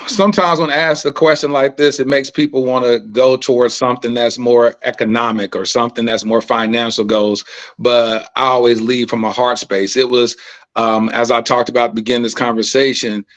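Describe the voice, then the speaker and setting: A man's voice: mid-range voice, steady tone, moderate pace, low-quality recording. A man speaking as an interview guest, earnest and preacherly, telling personal stories. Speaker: podcast host and filmmaker as guest. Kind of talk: candid interview conversation.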